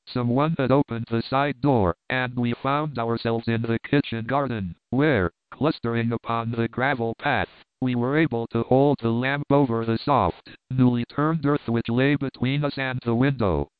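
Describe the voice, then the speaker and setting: Man, audiobook narrator, measured storytelling, smooth voice, narrow phone-like sound. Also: medium pitch, fairly even intonation, no echo. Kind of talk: audiobook narration of a period novel.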